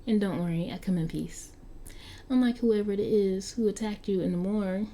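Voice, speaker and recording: A woman's voice: mid-range voice, moderate pace, warm tone, a little hiss or hum, lightly acted. A woman voicing a playful androgynous young vampire who sounds friendly but hides a threat, speaking in a light, teasing, casual way.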